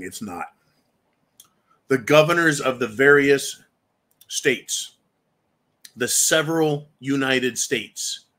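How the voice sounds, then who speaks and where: Angry ranting man, bright tense voice. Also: medium pitch. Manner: profane, ranting, rhetorical questions. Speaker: commentary show host. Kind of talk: angry political commentary monologue.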